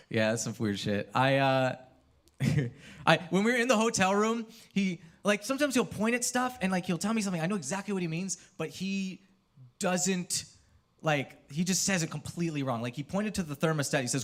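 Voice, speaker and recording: A young man from California doing a stand-up comedy set on a university theater stage, telling loose, profane stories and breaking into shouted impressions. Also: high-pitched, expressive, normal speed.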